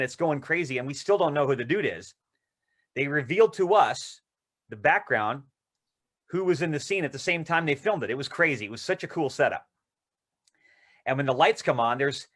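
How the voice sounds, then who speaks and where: A male actor, interviewed as a guest, telling rambling, excited anecdotes in casual conversation. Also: medium pitch.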